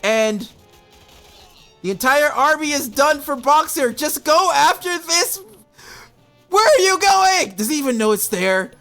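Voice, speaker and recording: Excitable laughing male game caster. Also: extremely high pitch, a little slow, faint music behind. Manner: excitable, laughing, yelling at players. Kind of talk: esports match commentary.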